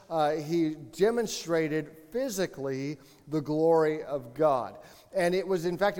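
Man preaching in a reverberant church. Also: fairly high pitch. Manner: chatty, relaxed, frequent self-corrections and asides. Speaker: pastor. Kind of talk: conversational sermon.

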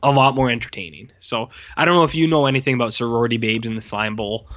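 Casual male podcast host, rambling and laid-back, bright edge, lo-fi recording. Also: mid-range voice, quick pace. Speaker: podcast host reviewing movies. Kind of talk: casual chat.

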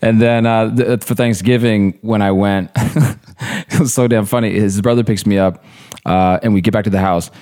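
A man with a fairly low voice chats on a podcast, spinning loose stories from set and from home. He swears freely and slips easily into quoting people, keeping a relaxed storyteller's rhythm. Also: moderate pace. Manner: relaxed, profane, animated storytelling. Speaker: actor, podcast guest. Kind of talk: casual storytelling chat.

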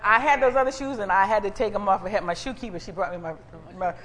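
A woman preacher giving a sermon with personal testimony, animated and conversational, calling out to the congregation. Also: mid-range voice, fast talker, big-room sound. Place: church sanctuary.

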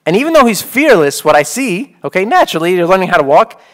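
Give me a young priest preaching in a relaxed, conversational way, with a fairly high voice. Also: male voice, quick pace. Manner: casual, peppered with "like" and "okay?". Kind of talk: conversational sermon.

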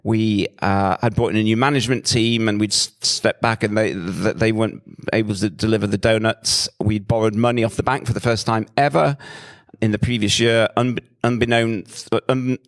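A middle-aged man, a company founder, telling his story in a lively, self-mocking way with frequent restarts. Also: on the low side, moderate pace. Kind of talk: conversational storytelling talk.

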